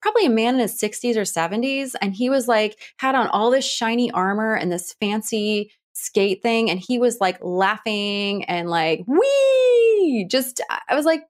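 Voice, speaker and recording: A woman in her thirties from Ohio, a guest telling lively stories with laughter and acted-out quotes. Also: moderate pace, hardly any pauses. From Ohio, Cleveland area. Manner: lively, laughing, acts out quotes with big pitch jumps. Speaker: guest, author. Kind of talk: animated storytelling in a podcast interview.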